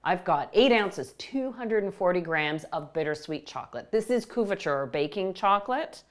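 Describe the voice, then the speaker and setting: A woman hosting a baking show, explaining each step with clear, enthusiastic instructions from a kitchen. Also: lowish voice, lively intonation, normal speed. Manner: warm, explanatory, enthusiastic about the food. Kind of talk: cooking demonstration.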